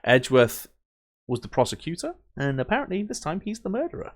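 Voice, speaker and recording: A man's voice: on the high side, huge pitch swings, fairly quick. A man live-streaming a game, chatting playfully and greeting viewers. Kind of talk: casual live-stream chat.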